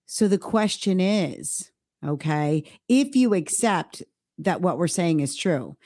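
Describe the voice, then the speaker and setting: A woman's voice: on the low side, lively intonation, a little mellow, no echo, clean studio sound. Emphatic woman co-hosting a podcast. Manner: emphatic, stresses key words with slowed delivery. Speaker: podcast co-host. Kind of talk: casual podcast discussion.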